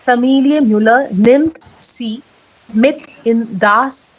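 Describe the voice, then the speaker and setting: Woman, student, reading aloud, very slow, husky, higher voice. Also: poor audio. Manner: halting, careful reading. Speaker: language student.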